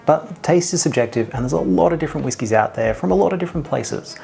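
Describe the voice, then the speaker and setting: A man's voice: on the high side, expressive, fast talker, creaky, a little mellow. An Australian man hosting his own whisky review channel, talking in a chatty, self-mocking way with jokey asides. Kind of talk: casual video review talk.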